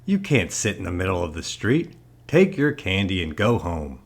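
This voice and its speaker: A man's voice: deep voice, big pitch swings, normal speed, exaggerated voice. A man reading aloud, voicing a blunt policeman talking to a child. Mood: stern. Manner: stern, blunt. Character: gruff grown man policeman.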